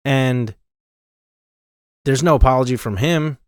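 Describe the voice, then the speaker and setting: A man co-host on a casual podcast talks at a middle pitch. He is measured, pausing to search for words with frequent fillers. The recording is dry and close. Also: darkish tone, no room sound.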